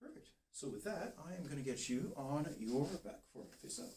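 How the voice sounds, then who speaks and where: Man calmly coaching a patient, roomy. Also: fairly high pitch, a little fast. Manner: calm, steady, encouraging coaching. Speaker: chiropractor. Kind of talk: giving instructions during a treatment session. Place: treatment room. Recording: roomy, distant, faint hiss.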